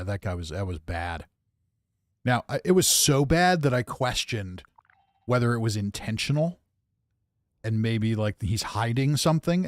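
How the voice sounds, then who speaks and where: A man's voice: mid-range voice, dry recording, clean studio sound. A man streaming a game, giving casual commentary in a grumpy, offhand way and reading out chat comments. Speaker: gaming streamer.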